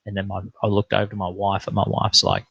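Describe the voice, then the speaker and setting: Husky man telling stories. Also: on the low side, fast, no echo, lo-fi sound. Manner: profane, animated anecdote teller. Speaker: pastor. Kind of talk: casual storytelling.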